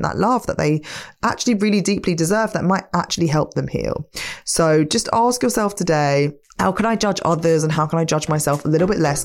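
A woman's voice: fairly low pitch, darkish tone. A woman hosting a podcast, telling a personal story in an earnest, reflective motivational monologue. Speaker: podcast host.

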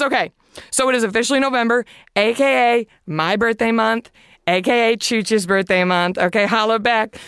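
Bright, chatty woman podcast host. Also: on the high side, moderate pace, clear, resonant tone, no room sound, studio quality. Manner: chatty, confessional, emphatic, swears freely. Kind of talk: casual solo podcast chat.

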